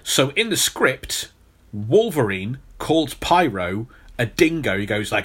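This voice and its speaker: A man's voice: medium pitch, big pitch swings, takes it slowly, fairly bright tone, slightly rough. A man hosting a podcast, telling a long story in casual chat with many restarts. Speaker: podcast host.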